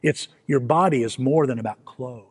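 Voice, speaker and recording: A man preaching voices Jesus as a calm, patient teacher gently correcting a worried listener. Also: medium pitch, normal speed, husky, natural voice. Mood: calm teaching. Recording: long hall reverb.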